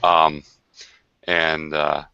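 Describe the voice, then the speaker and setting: Low-voiced man retelling a game session. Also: very slow, gravelly, smooth, no room sound, lo-fi sound. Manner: rambling, many fillers and restarts, animated. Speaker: game designer on a livestream. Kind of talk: casual storytelling of a game session. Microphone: video call.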